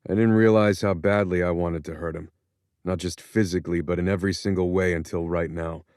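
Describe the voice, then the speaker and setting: A man narrating a first-person audiobook in a measured, introspective way, close to a studio mic. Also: low voice, steady tone, darkish tone, no echo.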